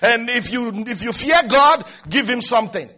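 A man preaching a sermon as a pastor, emphatic and repetitive, with sudden loud rises. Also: very high-pitched, animated, normal speed.

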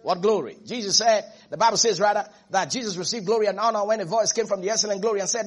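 A man's voice: high-pitched, fast talker, few pauses. A man preaching a sermon as pastor, emphatic and repetitive, calling out questions to his congregation.

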